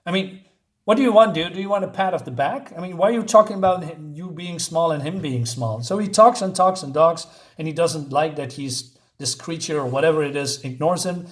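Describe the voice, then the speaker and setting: A man's voice: a little high, brisk. A man giving a blunt, sarcastic, casual spoken review of a comic book, swearing now and then.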